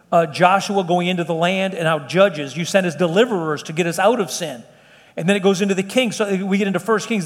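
A man preaching an informal sermon in a church hall, talking in a conversational, rambling way with restarts and joking asides. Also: high voice. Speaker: preacher leading a Bible study. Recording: long hall reverb.

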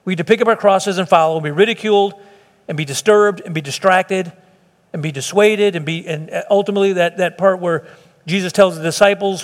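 High-voiced pastor preaching in a reverberant hall. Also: male voice, brisk. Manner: animated, acts out quotes, sings hymn lines. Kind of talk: sermon. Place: church sanctuary. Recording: long reverb of a large hall.

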